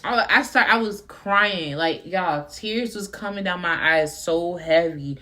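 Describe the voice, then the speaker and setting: A woman's voice: lowish voice, measured pace, bright, forceful tone. A young woman vlogger chatting through a storytime, full of fillers and talking to her viewers as y'all. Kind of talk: casual storytime monologue.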